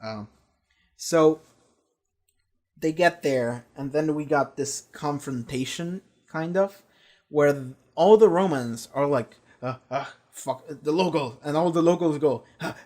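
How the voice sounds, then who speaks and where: Young male reaction host: loose, profane, rambling chatter, slightly high pitch. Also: takes it slowly, a little mellow. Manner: rambling and profane, acts out quotes. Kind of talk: casual spoken review.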